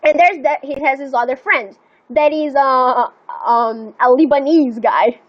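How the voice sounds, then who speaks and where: A young woman with a high, light voice tells a story on a live stream. She rambles, leans on "like" constantly and swears casually. The audio is a bit muffled and lo-fi. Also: a little slow. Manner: rambling and animated, full of "like" and swearing.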